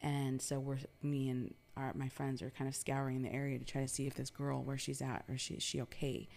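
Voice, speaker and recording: A woman from New York recounts a story in loose, chatty talk. Her voice is very low and mellow. She peppers her speech with fillers and swears freely. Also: level tone, a little fast, creaky. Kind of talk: casual personal storytelling.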